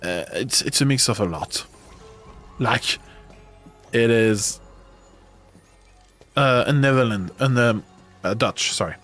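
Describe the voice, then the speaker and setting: French guy streaming a game, mid-pitched voice, talks in loose rambling bits, game music going loud behind him. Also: takes it slowly, long pauses. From France. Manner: chatty, rambling with frequent restarts. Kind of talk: casual chat while playing a video game.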